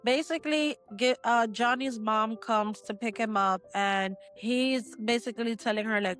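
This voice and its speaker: A woman's voice: on the high side, normal speed, few pauses, a bit bright, soft background music. A woman co-hosting a casual book club podcast, recapping scenes with quoted dialogue and slang. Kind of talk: casual chat, retelling the plot.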